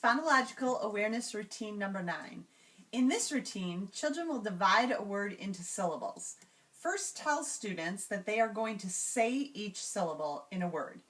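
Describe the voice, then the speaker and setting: A woman calmly explaining classroom routines step by step, slowing down to sound out example words. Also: mid-range voice, recorded from a distance. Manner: clear, measured, slows to sound out example words. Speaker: teacher trainer. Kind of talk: instructional walkthrough.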